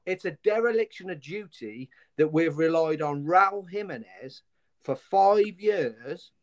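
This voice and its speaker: Angry, emphatic football fan, man. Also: a little high. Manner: angry, emphatic, repeats himself. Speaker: fan guest. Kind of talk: impassioned fan chat.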